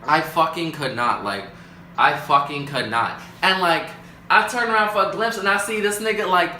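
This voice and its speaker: Young man, storytime vlog, animated and dramatic, bright fairly high voice, echoey room. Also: moderate pace, slight background noise. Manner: animated, dramatic retelling with voiced quotes and swings in pitch. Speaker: vlogger.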